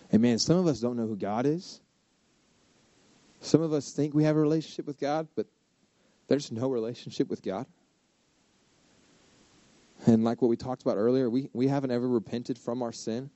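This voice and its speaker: A man's voice: mid-range voice, lively intonation, normal speed, long pauses, warm tone, no echo. A man preaching a casual, conversational sermon, acting out inner voices and poking fun at himself. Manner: conversational, self-deprecating, acts out inner voices. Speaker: pastor. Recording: dull, slightly lo-fi dry sound.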